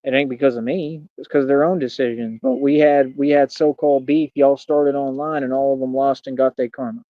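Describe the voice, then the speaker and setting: Boastful fast-ranting man in his thirties. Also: medium pitch, fairly even intonation, dry recording, phone-quality sound. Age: 30s. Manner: boastful, confrontational, talks fast. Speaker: streamer and radio show host. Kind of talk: livestream rant.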